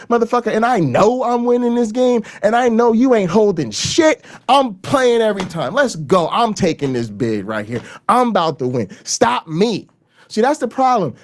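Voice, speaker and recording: A man hosting a livestream, talking casually with loud, profane trash talk and sports boasts. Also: sits high. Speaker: livestream host.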